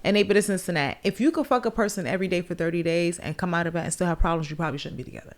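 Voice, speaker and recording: A woman's voice: lowish voice, racing. A woman on a podcast explaining relationships frankly and crudely, like a coach, in casual chat.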